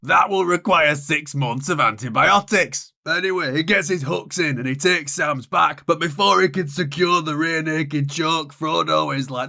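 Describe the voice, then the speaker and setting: A man narrating a sarcastic, crude comedy recap with deadpan asides. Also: on the high side, a little slow, creaky, few pauses.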